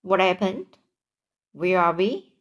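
A fretful storybook ladybug who worries aloud and confides in others, as a woman reads her. She speaks slowly and carefully. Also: fairly low pitch, animated. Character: anxious chatty female ladybug.

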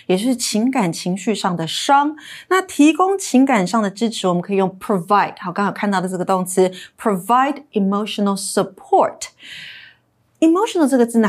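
A woman from Taiwan co-hosting an English lesson, explaining vocabulary in Mandarin and spelling words out. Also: fairly high pitch. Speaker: English teacher co-host. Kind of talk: bilingual radio English lesson.

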